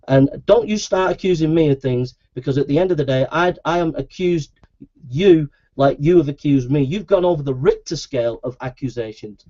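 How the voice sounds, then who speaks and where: A man's voice: a little high, dark tone. A man, a Christian preacher speaking straight to his webcam in a heated, aggrieved monologue that keeps circling back on itself. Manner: aggrieved, repetitive, insistent. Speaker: Christian preacher and video maker. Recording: dull lo-fi webcam audio.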